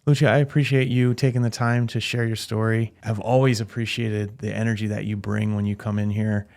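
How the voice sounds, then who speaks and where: A man's voice: on the low side, little pitch movement, brisk, gravelly, darkish tone. A man hosting a gym podcast, chatting easily and affirming his guest. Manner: affirming, conversational. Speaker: gym owner, podcast host. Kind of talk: casual interview chat.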